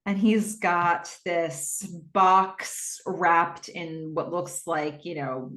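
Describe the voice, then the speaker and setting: A woman's voice: fairly low pitch, a bit bright, reverberant. A woman hosting a podcast, recapping a TV episode in a chatty, rambling way with lots of fillers. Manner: chatty, rambling, with frequent fillers and quick acted-out quotes. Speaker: podcast host.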